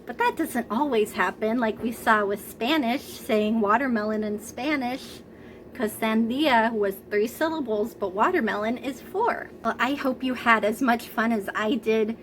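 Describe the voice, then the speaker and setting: A woman teaching a preschool lesson to children, speaking slowly with exaggerated enthusiasm. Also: fairly high pitch, a bit bright, slight background noise.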